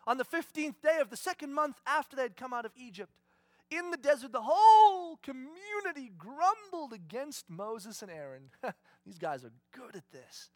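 A man preaching a conversational, animated sermon, often acting out voices. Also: very high voice, normal speed, no echo. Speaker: pastor.

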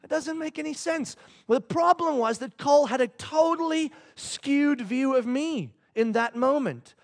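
Animated storytelling man preacher. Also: extremely high pitch. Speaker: pastor. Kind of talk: sermon.

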